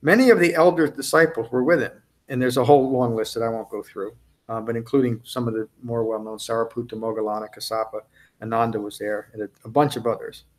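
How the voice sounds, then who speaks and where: Speaking fast with a medium pitch and steady tone, a man gives a dharma talk at a meditation retreat. He talks conversationally to the group, often closes points with tag questions, and restarts and corrects his sentences midway.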